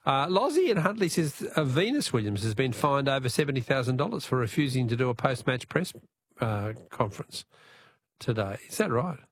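A man's voice: medium pitch, big pitch swings, a little fast, no room sound. A man with an Australian accent hosting a late-night radio phone-in quiz, genial and chatty as he reads out listener texts.

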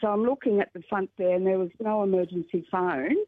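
An older woman, calling in to tell a lively story on a radio show, laughing often. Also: medium pitch, fairly quick, no room sound. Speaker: caller. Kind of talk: telling an anecdote on radio call-in. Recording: tinny phone line.

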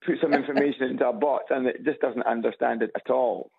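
A man from Edinburgh with a Scottish accent, calling in to a radio show and chatting in a halting way with many restarts. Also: mid-range voice, fairly even intonation, vocal fry. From Scotland. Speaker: radio caller. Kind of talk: phone-in chat. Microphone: phone on loudspeaker. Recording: tinny phone line on radio.

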